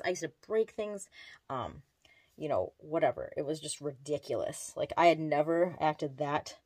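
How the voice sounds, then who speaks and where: Low, husky woman rambling to camera. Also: animated, normal speed, no room sound. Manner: rambling, meandering, distracted while doing makeup. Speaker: vlogger. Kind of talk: casual confessional chat. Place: at home in front of a mirror.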